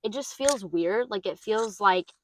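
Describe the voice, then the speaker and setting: A woman's voice: medium pitch, lively intonation, measured pace, a little hiss or hum. A young woman co-hosting a casual podcast chat, rambling and trailing off between "like" fillers. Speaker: podcast co-host.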